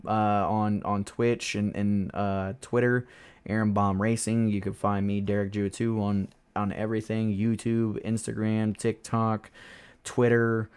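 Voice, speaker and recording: A man's voice: fairly low pitch, darkish tone, clear, resonant tone. A man hosting a casual racing podcast, talking loosely with lots of fillers and laughing at himself. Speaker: podcast host and sim racing driver. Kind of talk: casual chat.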